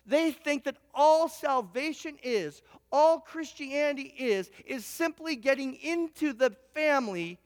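A man's voice: very high voice, animated, a little slow, hardly any pauses. A man preaching a sermon, telling a long illustrative story with frequent stammered restarts. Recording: reverberant hall sound.

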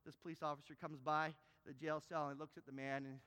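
A man delivers a sermon in a high voice, dropping to soft asides and then rising to loud, insistent emphasis. His words ring out with a long reverb, as in a large church hall. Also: a little fast, smooth. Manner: animated preaching, swinging from quiet to loud and emphatic. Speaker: pastor.

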